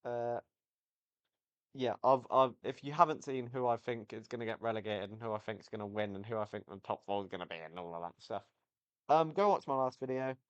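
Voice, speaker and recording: A man's voice: medium pitch, brisk, smooth, dull audio. A man giving a casual, rambling football match review, often correcting himself as he goes. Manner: rambling, self-correcting, enthusiastic. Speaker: football vlogger.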